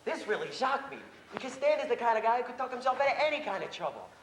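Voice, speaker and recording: A young man acting an excitable, wisecracking teenage boy who narrates to the audience in a school stage play. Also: very high-pitched, quick pace. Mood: eager, amazed. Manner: plays sports announcer, speaks to audience. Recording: echoey auditorium, faint hiss.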